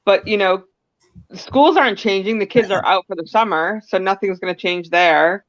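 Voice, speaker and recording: A woman co-hosting a casual talk show, laying out her reasoning in a measured way. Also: mid-range voice. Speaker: co-host. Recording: dull lo-fi sound.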